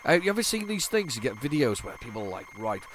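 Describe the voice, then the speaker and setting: A man's voice: medium pitch, sing-song, quick pace, a bit bright. Casual male gaming host, congested, chatty and rambling, mid-range voice, faint noise bed. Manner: rambling, chatty, frequent restarts and repeated words. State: congested, stuffy nose. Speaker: retro gaming channel host. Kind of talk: casual gameplay commentary.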